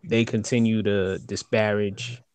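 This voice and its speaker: A man co-hosting a podcast, speaking calmly and haltingly in agreement. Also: lowish voice, clean tone, no echo. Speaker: podcast co-host. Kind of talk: casual podcast discussion.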